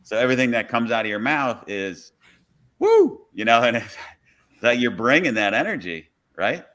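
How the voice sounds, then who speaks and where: A man who is a police officer, telling a work story on a podcast in a relaxed, conversational way. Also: medium pitch, a little fast.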